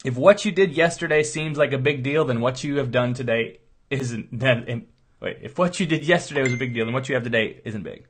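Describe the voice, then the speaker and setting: Brisk and mid-range, the voice belongs to a middle-aged chiropractor. His motivational monologue wanders earnestly, delivered in an easygoing storytelling style.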